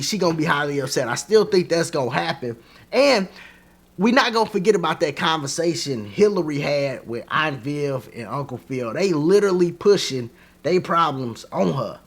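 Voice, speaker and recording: A man reviewing a TV episode in a casual, animated way, laughing often and acting out characters' lines. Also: a little high, husky. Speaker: TV show reviewer.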